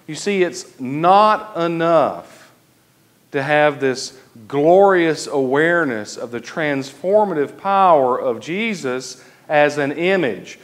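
A fairly high-pitched man, an Episcopal priest, delivers a church sermon at a slow, deliberate pace, drawing out important phrases to emphasize them.

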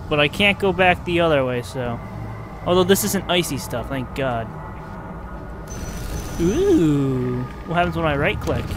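A man commentating his playthrough of a game, excitable, swinging from muttering to yelling. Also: fairly high pitch, background noise. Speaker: gaming video host. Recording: music from the game behind the voice.

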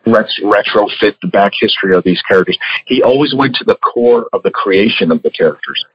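An older man, a comics artist and former editor, speaks in a fairly low, expressive, brisk, slightly rough voice on a dry, dull lo-fi recording. In a casual interview he talks candidly, swearing freely and telling stories.

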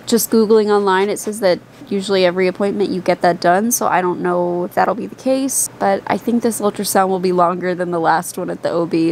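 Young woman vlogger, casual, rambling, candid, mid-pitched. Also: darkish tone, a little hiss or hum. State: tired and queasy, out of breath. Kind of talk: casual chat to camera.

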